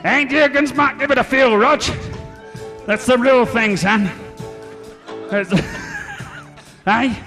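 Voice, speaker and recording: A man's voice: extremely high pitch, wildly swooping pitch, slow, pauses often, full character voice. A man doing a stage impression of a crude, half-drunk middle-aged Australian bloke who brags and croons a song, with a leering, blokey manner. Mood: crooning, bawdy. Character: crude boozy middle-aged Aussie bloke, bragging lounge singer. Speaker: comedy impressionist. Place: live stage venue. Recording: echoey hall with band music.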